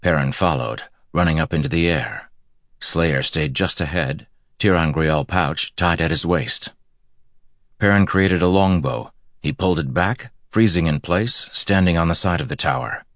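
A man narrating a fantasy audiobook in a steady, measured storytelling manner. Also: low-pitched, no echo, studio quality.

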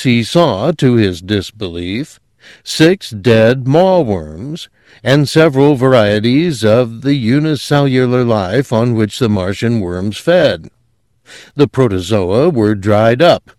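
A man narrating an audiobook in an expressive, dramatic reading style. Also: medium pitch, no room sound, clean studio sound.

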